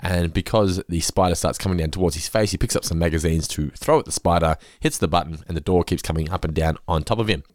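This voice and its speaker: A man's voice: low voice, quick pace, hardly any pauses, darkish tone, no echo, clean studio sound. A man, co-hosting a podcast in laid-back, sweary chat with frequent laughs. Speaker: podcast co-host.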